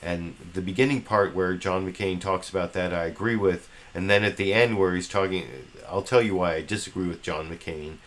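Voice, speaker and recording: A man's voice: low-pitched, normal speed, hardly any pauses, a bit bright. A man hosting a live political commentary show, talking casually with many fillers and restarts.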